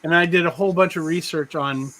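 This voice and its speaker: Rambling middle-aged man, higher voice. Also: fairly even intonation, quick pace, fairly bright tone, poor audio. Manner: rambling, restarts often, laughs as he talks. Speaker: podcast host. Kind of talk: casual chat on a live stream.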